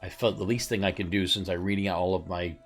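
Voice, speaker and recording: A man's voice: sits low, steady tone, fast. A man streaming a video game, chatting casually and joking about himself. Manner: self-deprecating, joking.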